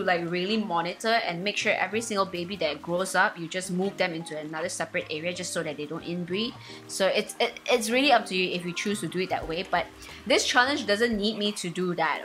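A young woman, hosting a let's play and commenting excitedly as she plays. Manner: excitable, squealing highs and gasps. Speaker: gaming channel host. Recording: faint game music behind.

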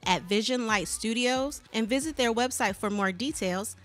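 A woman reading a short advertisement in a smooth, upbeat promotional delivery. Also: on the high side, normal speed, a bit bright. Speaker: ad reader. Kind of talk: read advertisement.

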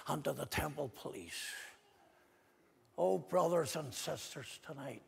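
A man with a Northern Irish accent preaching an impassioned sermon, rising to loud cries and dropping to hushed repetitions. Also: on the high side, lively intonation, a little slow, vocal fry, husky. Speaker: pastor. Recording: long hall reverb.

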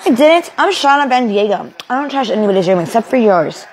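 A woman's voice: fairly high pitch, big pitch swings, a little fast, poor audio. A woman playing a bitter, swearing young woman. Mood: angry. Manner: swearing, ranting, sarcastic. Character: bitter, volatile young woman kicked out by family. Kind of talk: amateur film acting.

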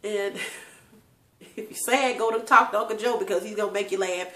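A woman's voice: medium pitch, fairly even intonation, moderate pace, a bit bright. A woman telling tearful personal family stories to her viewers, laughing often. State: crying at times. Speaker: channel host. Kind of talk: emotional personal storytelling. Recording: echoey room.

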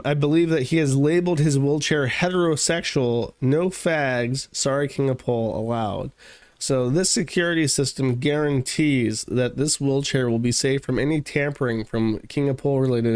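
A man hosts a livestream from his computer desk, reading out online posts with casual, rambling, profane commentary packed with fillers and restarts. His voice is medium-pitched and a little mellow, captured in a dry, studio-quality recording.

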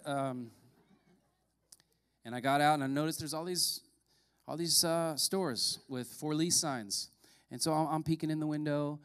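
A middle-aged pastor, preaching in a casual, joking storytelling manner and laughing at his own lines. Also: fairly high pitch. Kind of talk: sermon storytelling. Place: church sanctuary in a former movie theater.

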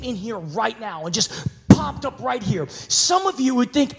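A male pastor preaching in a large church sanctuary, his voice ringing with a long hall reverb. He is lively and animated, dropping to near whispers and then rising to shouts. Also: very high voice, moderate pace, hardly any pauses. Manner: animated, swinging from hushed to shouting. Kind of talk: sermon.

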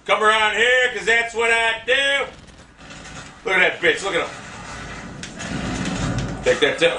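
A man giving live gameplay commentary, cursing and trash-talking opponents, often bursting into angry shouts. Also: sits high, lively intonation, normal speed, long pauses, reverberant, far from the mic, a little hiss or hum.

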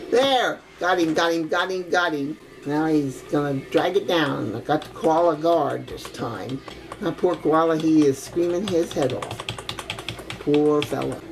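Older woman, grandma game commentary, lowish voice, chatty and exclamatory, giggly. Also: background noise. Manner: chatty and exclamatory, with old-fashioned oaths and giggles. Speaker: gaming grandmother.

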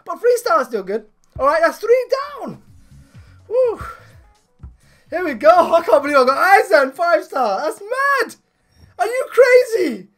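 A man co-hosting a gaming channel, giving excited commentary while summoning in a mobile game, hyped and shouting when thrilled. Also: very high voice, a little slow, pauses often, soft background music.

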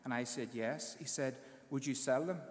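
A man with a British accent, a graduating student giving an earnest speech at his ceremony, often pausing on fillers. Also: medium pitch, echoey room, long reverb tail. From United Kingdom.

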